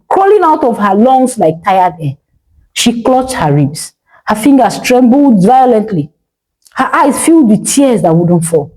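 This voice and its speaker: A woman's voice: a little high, darkish tone, poor audio. A woman narrating a dramatic story with emotive delivery.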